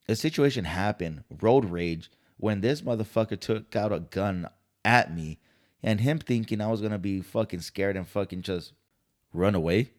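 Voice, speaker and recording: A man's voice: on the low side, darkish tone. A man hosting a podcast, ranting in a casual, heated and profane way. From California. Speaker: podcast host. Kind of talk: casual commentary.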